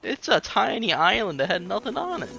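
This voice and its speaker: A man's voice: high voice, very animated, brisk, vocal fry. A young man casually commenting over a video game, telling stories in loose, chatty slang, with game music playing behind. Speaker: gaming channel host.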